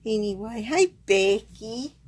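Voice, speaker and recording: A woman's voice: a little high, expressive, slow, a little mellow. A woman hosting a casual live stream, chatting to viewers and greeting them by name, a little tired, with plenty of fillers and small laughs. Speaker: card-making demonstrator hosting a live stream.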